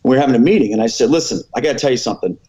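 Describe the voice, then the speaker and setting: A man's voice: mid-range voice, very fast, muffled recording. Earnest former pastor telling his story. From American Midwest. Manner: earnest, animated retelling with quoted dialogue. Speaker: former pastor, podcast guest. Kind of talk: storytelling in a conversational interview.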